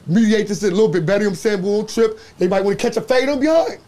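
A man's voice: high-pitched, animated, rapid-fire, a loud crowd. A man in a casual podcast chat, telling a story animatedly with profane slang and acting out what others said.

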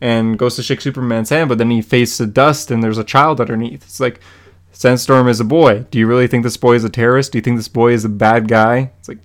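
A man's voice: mid-range voice, fairly even intonation, fast. A man hosting a comic book podcast, recapping an issue in an enthusiastic, rambling way, close to his mic. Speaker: podcast host. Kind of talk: casual chat recapping a comic.

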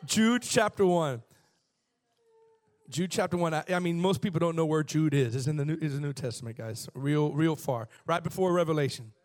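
A pastor with a slightly high voice preaches a sermon at normal speed. He reads scripture aloud and calls on the congregation to respond, punctuating his words with bursts of emphasis.

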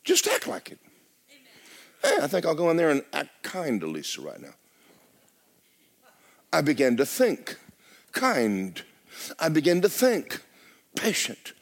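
A man preaching a sermon as pastor, swinging from loud exclamations to hushed, near-whispered lines. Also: fairly high pitch, wildly swooping pitch, measured pace, pauses often.

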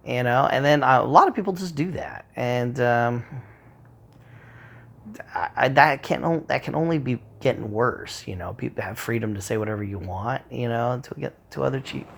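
A man with a gravelly, creaky voice talks in a loose, rambling monologue. He swears freely and slips into short acted-out quotes as he makes his points. His pitch sits in an ordinary middle range. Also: normal speed, fairly bright tone.

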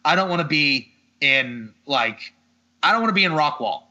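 Through slightly dull, lo-fi sound comes a man's very bright, a little high voice as he hosts a podcast. He tells a story in relaxed chat at a moderate pace, animated, exasperated, and swearing freely.

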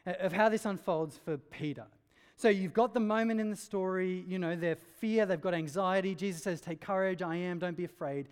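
A man preaching a sermon, earnest and emphatic, dropping low and quiet on key lines. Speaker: pastor. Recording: hall reverb.

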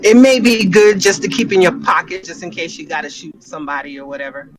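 A man's voice: high-pitched, steady tone, fast, crowd noise, rough recording. A man on a panel in a casual discussion, tentative and searching for words.

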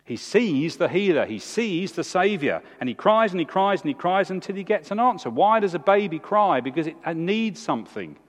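A man, preaching a sermon in a church with emphatic, animated delivery. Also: moderate pace, hardly any pauses. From England. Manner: animated, emphatic preaching with big swings in pitch. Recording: long hall reverb.

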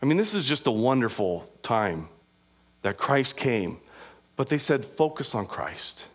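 Pastor preaching with swinging intensity. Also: male voice, medium pitch, sing-song, a little slow, breathy edge. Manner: informal, with frequent fillers and restarts. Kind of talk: sermon.

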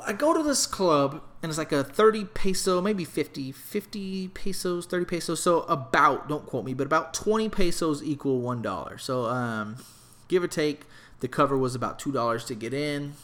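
A young adult man telling a comedic travel story in a casual, animated, profane and rambling way. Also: on the high side, brisk.

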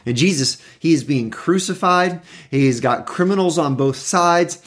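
A man teaching through a Bible passage in an earnest, animated way, reading scripture aloud and stopping to explain it. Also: on the high side, a little slow. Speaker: pastor.

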